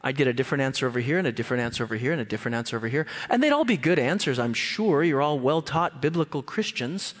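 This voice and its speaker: A man preaching a sermon as a guest speaker, animated and lively, often acting out voices. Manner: animated, acts out quoted voices with big pitch jumps. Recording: long hall reverb.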